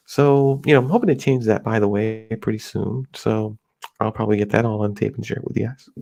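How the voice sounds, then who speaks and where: A middle-aged man from the United States talks off the cuff, his voice gravelly and set at a middle pitch. He rambles and halts, restarting his sentences as he goes, in a casual solo talk. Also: a little mellow. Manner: rambling, halting with many restarts and fillers. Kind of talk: casual monologue.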